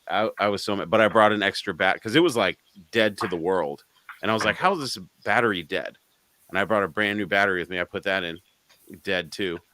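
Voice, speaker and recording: A man's voice: lowish voice, pushed and bright, smooth, no room sound. A man co-hosting a live car show, telling a story in casual chat, swearing freely and laughing between lines.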